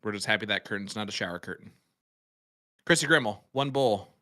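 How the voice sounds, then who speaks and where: Bright-voiced male darts commentator. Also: lowish voice, lively intonation, fairly quick. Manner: joking, banters with co-host. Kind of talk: live sports commentary.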